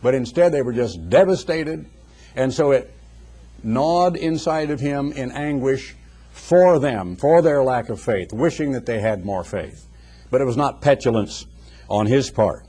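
Older male preacher, husky voice, earnest sermon delivery with repeated emphatic phrasing. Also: mid-range voice, a little slow, warm tone.

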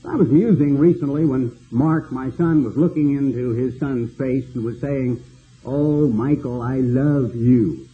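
An older man preaching a sermon, slow and cadenced, building long repeated lists. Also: medium pitch, phone-quality sound, slight background noise.

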